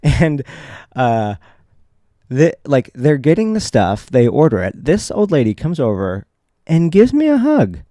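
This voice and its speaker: Mellow-voiced man telling a story. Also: on the high side, very animated, measured pace, no room sound, studio quality. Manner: conversational, chuckles often, frequent restarts. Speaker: podcast host. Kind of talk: casual first-person storytelling.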